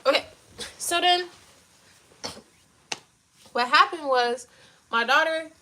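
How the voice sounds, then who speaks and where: A woman hosting a live stream, telling a story in a casual rant, blunt and profane with animated retelling. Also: high voice, slow pace, slight background noise. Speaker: livestream host.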